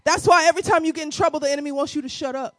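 A high-pitched woman preaching a sermon, her voice dry and close with little room sound. She moves between hushed Bible teaching and fervent, shouted calls, speaking to her listeners in a casual, familiar way. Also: racing, dry recording. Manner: swings from quiet teaching to shouted, crying exhortation; colloquial, addresses congregation as y'all.

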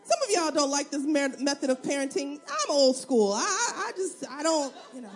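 A woman preaching a sermon, telling a personal story in an animated, humorous way that swings between loud and soft. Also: high-pitched, normal speed. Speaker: single mother of two.

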